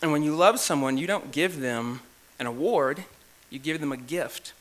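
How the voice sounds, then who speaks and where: A man's voice: on the high side, moderate pace. A young man, a student government president, giving an emotional, heartfelt speech at an awards ceremony, nervous and near tears, speaking in a repeating cadence. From United States. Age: young adult. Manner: heartfelt, repetitive cadence, laughs at own jokes. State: shaking with nerves, near tears. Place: university event room.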